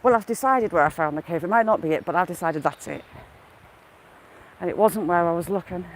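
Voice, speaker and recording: A woman's voice: fairly low pitch, a little fast, rough recording. Woman vlogger, slightly breathless, casual live-stream chat on an outdoor walk, faint hiss behind. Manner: chatty, greets viewers by name. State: a bit out of breath. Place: outdoors on a woodland walk by water.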